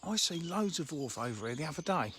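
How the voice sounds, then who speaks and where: Bloke on his phone by a fishing lake, high voice, laughy and blunt, birds a bit in the back. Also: very animated, fairly quick, sharp tone, slight background noise. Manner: chatty, laughing, blunt and informal. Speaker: fishery owner. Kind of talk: live-streamed lakeside walk and chat. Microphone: handheld phone.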